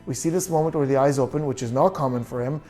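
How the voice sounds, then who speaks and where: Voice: medium pitch, fast, dark tone, faint music behind. A body language analyst giving true crime video commentary, reasoning through details and asking many questions.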